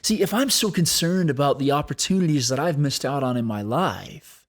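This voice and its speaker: A man's voice: fairly high pitch, lively intonation. Earnest man hosting a reflective podcast. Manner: earnest, thoughtful, slows down on key words. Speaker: podcast host. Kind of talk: reflective solo podcast talk.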